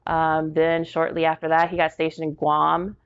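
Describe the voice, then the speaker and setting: A woman in her forties, a military veteran and podcast guest, telling lively stories in a casual interview and acting out what people said. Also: low voice, moderate pace, clean tone, lo-fi sound. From Tampa, Florida. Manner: animated storyteller acting out quotes.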